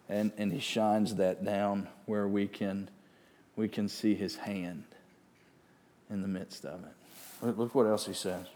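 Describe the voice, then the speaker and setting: A man preaching a sermon as pastor, slow and deliberate, building to loud, animated passages. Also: fairly low pitch, in a large hall.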